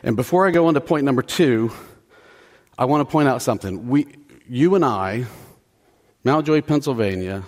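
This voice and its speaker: A middle-aged man gives a relaxed, self-mocking sermon in a church sanctuary, often checking in with the congregation and saying "okay?" His mid-range voice is animated, his pace normal, with long pauses.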